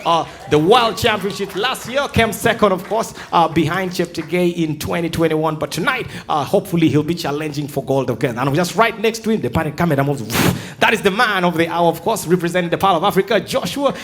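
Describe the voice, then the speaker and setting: A man's voice: high voice, fairly quick, few pauses, fairly bright tone. A Ugandan man mimicking a formal TV sports commentator. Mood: announcing. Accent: Ugandan English. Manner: formal announcer patter with fillers.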